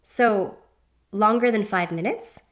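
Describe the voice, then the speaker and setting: A woman's voice: medium pitch, slow pace, lightly acted. A woman reading a book aloud and voicing a jovial, whimsical female boar with a quizzical manner and bursts of laughter.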